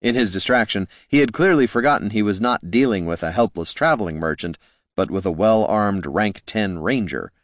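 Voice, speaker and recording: A man reading a fantasy story aloud in a measured, wry narration. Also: fairly low pitch, expressive, no room sound, clean studio sound. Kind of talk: scripted audiobook narration.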